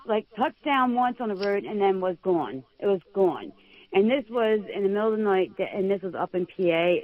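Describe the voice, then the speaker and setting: A woman from Pennsylvania calling in to a show, telling a scary encounter in a hesitant way with many fillers. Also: mid-range voice. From Pennsylvania, USA. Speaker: caller. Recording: tinny phone line.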